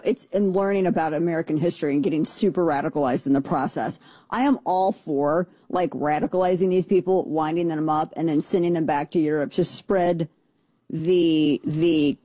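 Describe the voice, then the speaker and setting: A woman's voice: low voice, mellow, no room sound. A woman in her thirties hosting a commentary show, chatty and sarcastic, rambling with restarts. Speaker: podcast host. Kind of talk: opinionated commentary.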